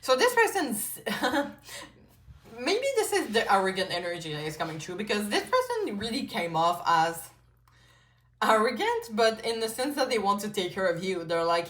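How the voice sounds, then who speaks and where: A woman's voice: mid-range voice, very animated, normal speed, a bit bright. Chatty woman giving a tarot reading. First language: French. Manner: chatty, many "like" and "you know" fillers, frequent swearing. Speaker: tarot reader. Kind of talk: casual pick-a-card tarot reading.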